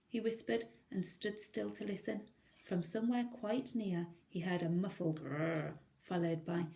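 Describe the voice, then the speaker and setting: A woman teacher reading a picture book aloud to young children, gently pointing out the pictures. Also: fairly low pitch, unhurried, vocal fry. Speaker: primary school teacher.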